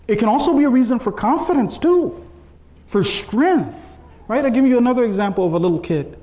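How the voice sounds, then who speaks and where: A man's voice: very high voice, expressive, fairly quick, dark tone, highs cut off. A man giving a sermon, telling a story and acting out the quotes with shifting voices, often checking in with "right?". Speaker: religious speaker.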